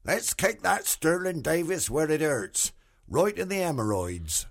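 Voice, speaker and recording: An actor playing a gruff, bluff man in a radio sitcom. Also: a little high, lively intonation, unhurried, full character voice.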